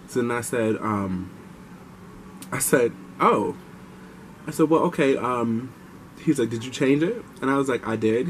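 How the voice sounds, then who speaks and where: Young male vlogger, casual and chatty storyteller, mid pitch, light background hum. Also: low-quality recording. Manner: chatty, animated, advising viewers directly. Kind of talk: personal storytelling to camera.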